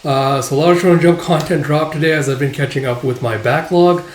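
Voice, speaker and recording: A man's voice: fairly high pitch, a little fast, a little hiss or hum. Man, manga video host, casual chatty talk, echoey room. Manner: chatty, filler-heavy. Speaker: manga review channel host.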